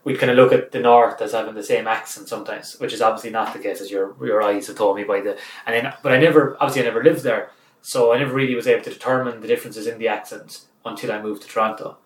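A man's voice: fairly low pitch, steady tone, fast, recorded from a distance. A man from Clare with an Irish accent, interviewing a guest and asking hesitant questions full of fillers. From County Clare, Ireland. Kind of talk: casual interview chat. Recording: echoey office, off-mic.

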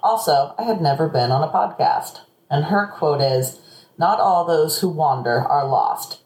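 A woman hosting a podcast, reading guests' quotes with a quick, playful, teasing manner. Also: deep voice, a little mellow. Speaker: podcast host. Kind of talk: casual recap monologue. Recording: echoey room with faint noise.

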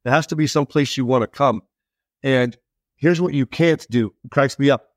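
A man's voice: medium pitch, moderate pace, no echo, studio quality. A man who manages branches, speaking in a laid-back, joking way during a podcast discussion.

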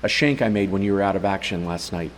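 A man playing a blunt, gruff cyborg major. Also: low voice, fast talker, long reverb tail, a little hiss or hum, lightly acted.

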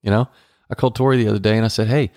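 Man, low voice, gravelly, playful marriage-advice co-host, dry close sound. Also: steady tone, very fast, a little mellow, no room sound. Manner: upbeat, playful, acts out little dialogues. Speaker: podcast co-host. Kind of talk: casual marriage advice chat.

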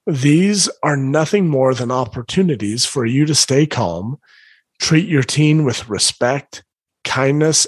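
A man's voice: mid-range voice, breathy edge, no room sound, clean studio sound. A middle-aged man, a former principal, giving an earnest, encouraging talk to parents and acting out his own inner thoughts.

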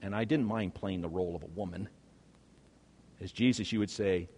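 A man preaching an earnest first-person monologue, swinging between hushed and loud passages. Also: sits low, steady tone, normal speed, slightly rough, long reverb tail.

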